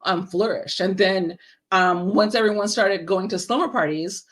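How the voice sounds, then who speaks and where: A woman telling a lively personal story as a podcast guest, swearing freely and acting out what people said. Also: mid-range voice, normal speed. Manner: animated, profane, acts out quoted dialogue. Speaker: guest, horror writer and event creator. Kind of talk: casual storytelling in a podcast interview.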